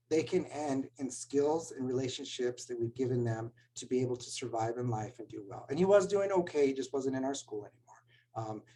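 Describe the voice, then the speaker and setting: A man's voice: medium pitch, dark tone, husky, poor audio. Earnest man telling school stories. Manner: earnest storytelling, gets choked up. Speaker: school administrator. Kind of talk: webinar talk.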